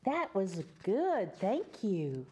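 A woman reads a children's story aloud at an unhurried pace. Her pitch rises and dips in a lively, sing-song way as she leads the little listeners through rounds of animal sounds. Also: husky. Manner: animal sounds and call-and-response. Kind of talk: reading a picture book aloud to children.

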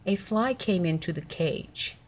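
A woman reads a children's picture book aloud in a clear, deliberate manner. Her voice sits low and she takes her time with each sentence. A faint hum of noise is heard behind her. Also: expressive. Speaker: storybook reader.

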